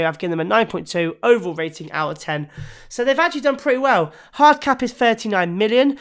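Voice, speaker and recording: A YouTuber talking casually through a crypto project review, with many fillers, restarts and self-corrections, and bouts of hiccups. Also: male voice, high voice, a bit bright, smooth. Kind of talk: casual spoken review to camera.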